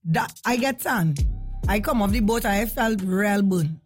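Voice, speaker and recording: A young woman, hosting a casual morning radio show, lively and chatty. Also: medium pitch, a little slow, soft background music. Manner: lively, chatty, laughs often.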